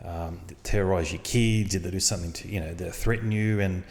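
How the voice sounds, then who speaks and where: A man hosting a podcast, telling a story in a casual, animated way and acting out the dialogue. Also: low-pitched, a little fast. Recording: long reverb.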